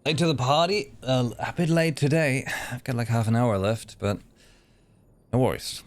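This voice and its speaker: A man chatting casually with viewers on a game live stream, lively and playful, slipping into voices for fun. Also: mid-range voice, moderate pace.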